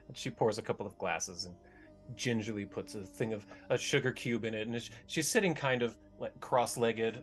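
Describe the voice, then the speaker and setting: A man's voice: fairly low pitch, normal speed, soft background music. A man narrating as game master for a tabletop game, rambling with many restarts. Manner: rambling, filler-heavy narration.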